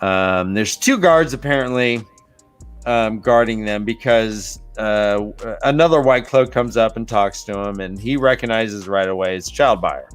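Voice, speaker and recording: A man's voice: fairly low pitch, unhurried, clean tone, faint music behind. A man hosting a casual book discussion, joking and recapping chapters. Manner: jokey, slips into a mock British accent for laughs. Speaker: podcast host. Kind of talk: casual chat about a book.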